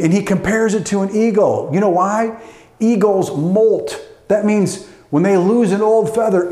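A man's voice: high-pitched, a little mellow, reverberant. A man preaching a sermon emphatically, calling out to an online congregation. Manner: emphatic preaching with call-outs to the audience. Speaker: pastor. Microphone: online streamed service.

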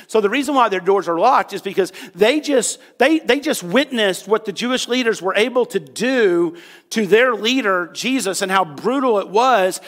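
High-voiced male pastor in a reverberant hall. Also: fairly bright tone. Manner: casual, joking storyteller with many fillers. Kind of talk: sermon.

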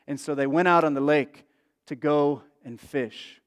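A man's voice: on the high side, unhurried. A man preaching a casual, conversational sermon as a pastor, full of asides and fillers. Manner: chatty, many asides and fillers. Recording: long reverb of a large hall.

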